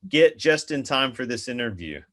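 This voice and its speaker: A man's voice: medium pitch, big pitch swings, moderate pace, very noisy. A man moderating an interview over a video call, talking in a loose, chatty way with plenty of fillers.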